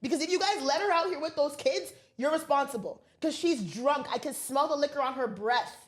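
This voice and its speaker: A woman co-hosting a podcast, telling a story in a casual, animated way and acting out the people in it with plenty of swearing. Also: high voice, brisk. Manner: animated storyteller, acts out quoted voices, heavy swearing. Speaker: podcast co-host.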